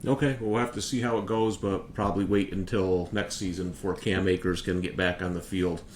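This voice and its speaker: A man hosting a sports podcast, upbeat and quick to laugh. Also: low voice, fairly even intonation. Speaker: podcast host. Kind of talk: casual podcast chat. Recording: echoey room with faint noise.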